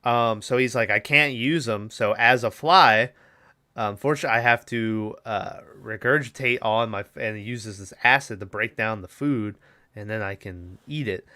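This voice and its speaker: A man's voice: fairly low pitch, normal speed, bright, forceful tone. A young man co-hosting a podcast, casually recapping a movie in a rambling, profane way and acting out its lines. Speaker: podcast co-host.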